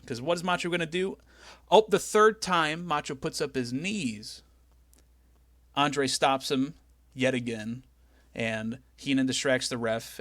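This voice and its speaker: A man hosting a podcast, excitedly recapping and telling the story in casual chat. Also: mid-range voice, dry recording. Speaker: podcast host.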